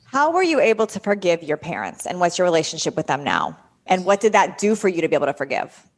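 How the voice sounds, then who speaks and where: A woman hosting a podcast, asking questions and calmly affirming her guest. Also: fairly low pitch, fast. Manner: calm, affirming listener. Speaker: podcast host. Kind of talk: interview questions and reflections.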